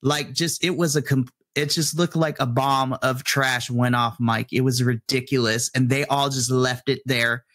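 A man, a middle school teacher, chatting casually on a podcast and telling stories in an animated way, acting out his own rants. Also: mid-range voice, normal speed, few pauses.

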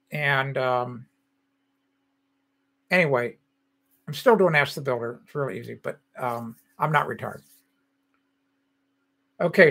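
A man's voice: on the high side, fairly bright tone. An older man hosting a casual livestream, chatting loosely and reading out viewer comments as he greets people by name. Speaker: livestream host.

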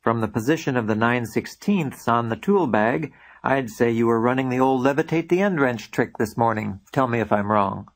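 A man voicing a calm, wry male mystic pilot who speaks in short, dry remarks. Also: medium pitch, normal speed, few pauses, natural voice.

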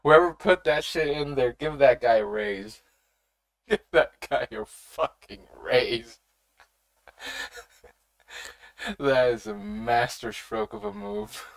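Lively, gravelly reaction host. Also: mid-range voice, takes it slowly, pauses often. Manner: expressive and profane, talks straight to viewers. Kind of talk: casual reaction commentary.

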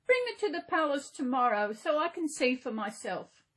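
A woman's voice: high voice, lively intonation, moderate pace, a bit bright. A woman reading aloud and voicing a stern, demanding king in a storybook tale.

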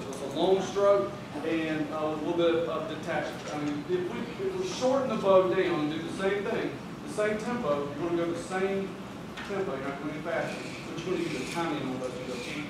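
A man leads a school orchestra through bow-stroke drills, counting his students in and explaining terms in a relaxed, instructive way. His slightly high voice rings through a big echoing auditorium, picked up from far off. Heavy background noise sits under everything he says. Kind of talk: teaching string technique at a concert. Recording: boomy hall recording from far off, loud background noise.

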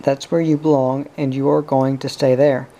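A man's voice: mid-range voice, level tone, normal speed, mellow, lightly acted. A man reading the part of a bitter, proud young man who was blinded and who pushes his sweetheart away. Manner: bitter, resigned. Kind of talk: audiobook character reading.

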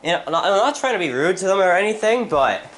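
A man's voice: high voice, sing-song, fast, a bit bright, a little hiss or hum. Angry, swearing male vlogger. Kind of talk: casual vlog rant. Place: inside a house.

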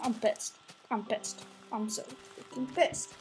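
A woman's voice: fairly high pitch, steady tone, takes it slowly, darkish tone, faint music behind, rough recording. A woman giving let's play commentary, grumbling, swearing and talking to in-game animals. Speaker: gameplay channel host.

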